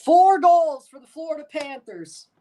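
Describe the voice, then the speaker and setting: A woman streaming a sports watchalong, ranting with profanity and sarcasm and bursting into shouts. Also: high-pitched, lively intonation, unhurried. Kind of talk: live sports reaction rant.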